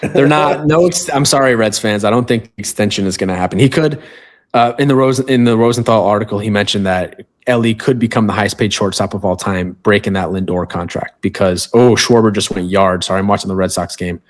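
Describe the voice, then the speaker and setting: Low-voiced man, easygoing podcast co-host. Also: brisk. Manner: easygoing, runs through stats with asides. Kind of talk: casual sports chat.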